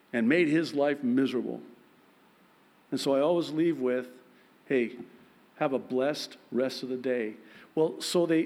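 A man preaching a sermon, telling everyday stories in a lively way and laughing at himself. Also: fairly high pitch. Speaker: pastor.

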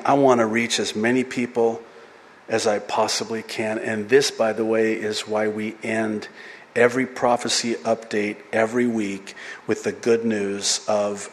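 A man in his forties preaching a sermon as pastor, lively and animated, rising high and loud as he gets excited. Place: church sanctuary during a service. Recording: long reverb of a church hall.

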